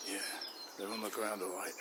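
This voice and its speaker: A man's voice: on the low side, level tone, a little fast, background noise, natural voice. A man playing an indignant, complaining army chief. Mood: exasperated. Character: exasperated male army chief. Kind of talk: improvised comedy.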